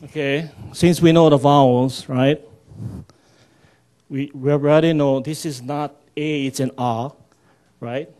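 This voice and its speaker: A man leads a seminar in a slow, unhurried cadence. His voice sits a touch high but has a soft, mellow tone. He coaxes the room along with patient repetition and frequent "yeah?" check-ins. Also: steady tone. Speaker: workshop presenter. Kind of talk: seminar teaching pronunciation.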